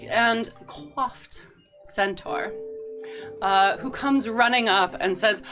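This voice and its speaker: A woman narrating a tabletop game as game master, in a relaxed, descriptive way with casual fillers. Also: medium pitch, slow, faint music behind. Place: tabletop session with friends.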